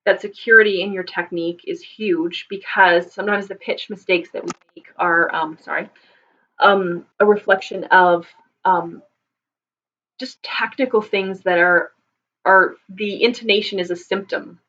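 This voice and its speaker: A woman's voice: medium pitch, fairly even intonation, measured pace, sharp tone. Patient woman voice teacher, thoughtful. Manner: thoughtful, many ums and restarts, explains patiently. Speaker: voice teacher answering viewer questions. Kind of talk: live Q&A teaching. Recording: slightly dull lo-fi sound.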